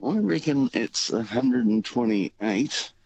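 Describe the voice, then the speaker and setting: An easygoing middle-aged Australian man talking on a radio show, halting and filling pauses with ums. His voice sits at an ordinary middle pitch. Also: big pitch swings, vocal fry, a little mellow, husky, rough recording. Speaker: caller and station volunteer. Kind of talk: talkback radio chat.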